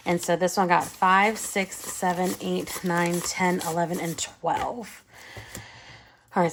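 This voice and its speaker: A woman in her thirties chatting casually and giggling while she counts cash for budget savings, her voice trailing off into soft counting. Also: fairly low pitch, a little hiss or hum. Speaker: budgeting vlogger.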